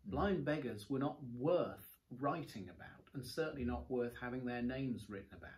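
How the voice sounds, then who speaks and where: A man, a bishop, offering measured, reflective comments on a gospel story in conversation. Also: medium pitch, expressive. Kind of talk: conversational bible discussion.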